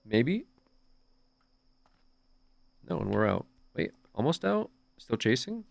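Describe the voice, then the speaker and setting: A male streamer chatting casually while gaming, animated and laughing, sometimes trailing off into quiet asides. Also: mid-range voice, slow, vocal fry, dry recording.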